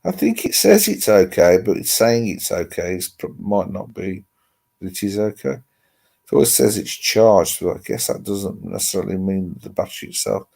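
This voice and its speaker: A man rambles through a casual chat with his viewers, dropping the odd mild swear word. His low voice has a gravelly edge. He talks into a laptop microphone at home. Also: very animated, normal speed, a little mellow. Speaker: livestream host. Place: home, seated with laptop on lap.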